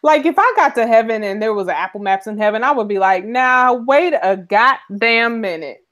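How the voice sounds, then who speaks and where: A woman's voice: a little high, moderate pace, a bit bright. A woman co-hosting a live talk show, joking bluntly and teasing her co-host with mock exasperation. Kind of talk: casual comedic banter.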